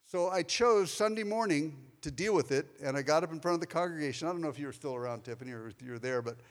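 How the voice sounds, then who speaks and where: A man with a high-pitched voice preaches a personal, confessional sermon, turning aside to speak to people in the pews. His voice rings out with a long reverb tail from a church hall. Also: quick pace. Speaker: pastor. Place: church sanctuary.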